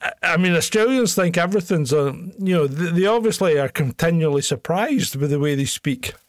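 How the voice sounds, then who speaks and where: Podcast cohost, laughs a lot, bickers for fun, highish voice, dry mic. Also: male voice, animated, brisk, no room sound. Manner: chatty, laughs often, argumentative banter. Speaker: podcast co-host. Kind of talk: casual chat.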